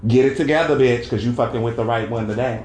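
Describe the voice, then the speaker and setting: A podcaster rants in a loud, profane, casual monologue, middling in pitch and quick in pace, laughing and adding "okay?" after his points. Brash and emphatic, he leaps into a high falsetto for quoted bits, while the room echoes roomily and a little hiss or hum sits underneath.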